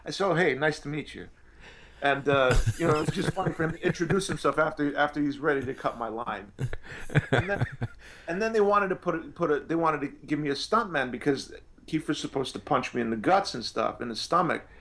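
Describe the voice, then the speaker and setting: A man's voice: on the high side, lively intonation, fairly quick, fairly bright tone. A male actor telling anecdotes in an interview, rambling with many restarts and fillers. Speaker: actor guest.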